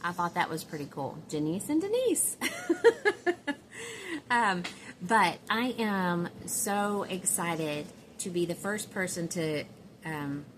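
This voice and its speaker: A middle-aged woman with a soft Southern US accent chats casually to her camera at home, rambling and giggling between thoughts. Her voice sits a little low for a woman. A faint hiss runs under the recording. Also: slow pace, pauses often. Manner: chatty, rambling, giggly, many fillers. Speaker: doll collector vlogger.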